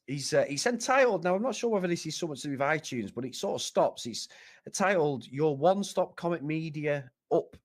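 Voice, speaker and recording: Male podcast co-host, slightly raised pitch, chatty and rambling. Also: expressive, brisk. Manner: chatty, self-deprecating, rambling. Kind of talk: casual podcast chat.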